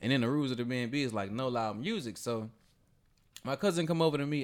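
A podcast host with a medium-pitched voice talks fast as he tells a story in loose, profane chat. He's animated and gives voice to the people in the story.

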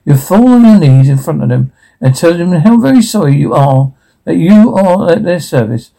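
A sardonic, quick-witted nobleman with a dry, mocking edge, as a man reads him from a script. The voice sits slightly high but sounds gravelly and mellow, with a lot of fry. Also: animated. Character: witty sardonic dwarf nobleman, adult male. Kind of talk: amateur read-through of a script.

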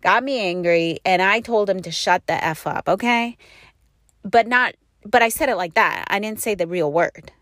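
A woman's voice: mid-range voice, normal speed, fairly bright tone, no echo, clean studio sound. A woman sharing a personal story in a candid, rambling way, often laughing, with frequent fillers and self-corrections.

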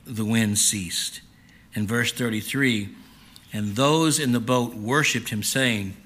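A man preaching a sermon, swinging between loud emphatic lines and hushed near-whispers, and acting out a frightened Peter in the first person. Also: medium pitch, slow. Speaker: pastor.

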